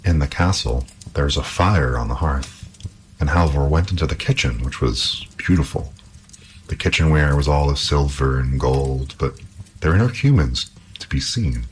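A man reading a fairy tale aloud in an expressive, measured storytelling manner. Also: very deep voice, a little hiss or hum.

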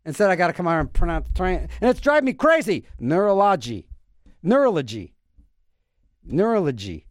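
A man with a high, bouncy voice hosts a radio show and rambles in comic asides. He is goofy and self-mocking, and he keeps repeating words in silly voices. The sound is dry and close to the mic. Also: sing-song, fast, hardly any pauses, no echo. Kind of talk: rambling comedic radio banter.

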